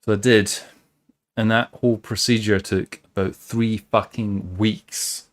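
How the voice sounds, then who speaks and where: A man's voice: lowish voice, expressive, moderate pace. A man streaming a game, chatting casually in a rambling, sweary way with lots of fillers and restarts. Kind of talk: casual gameplay commentary.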